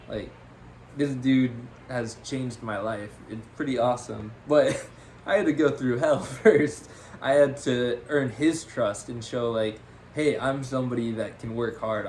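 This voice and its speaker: A man's voice: medium pitch, a little hiss or hum. A young man co-hosting a podcast, telling a story casually and animatedly, laughing often. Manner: animated, laughs often, says "freaking" a lot. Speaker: podcast co-host.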